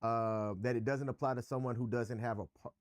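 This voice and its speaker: A man's voice: medium pitch, fairly even intonation, a little fast, no room sound. Candid man talking in a dry room. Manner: candid, emphatic, explains at length. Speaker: podcast co-host. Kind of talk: casual relationship chat.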